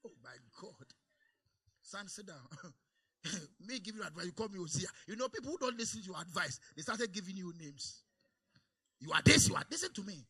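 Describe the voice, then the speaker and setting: A man preaching to a congregation with a high, very bright voice that cuts through the room. His tone is gravelly and husky, and he jumps from hushed asides to loud exclamations, calling out for amens. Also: fairly quick, pauses often. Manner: animated, shifts between quiet asides and loud exclaims. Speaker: pastor. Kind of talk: preaching a sermon. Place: church service.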